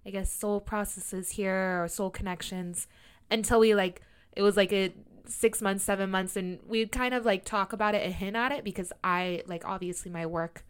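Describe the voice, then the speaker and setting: A woman with a smooth, clear voice at a middle pitch, talking casually as a podcast host. She muses in loose, trailing phrases. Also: fairly even intonation, moderate pace.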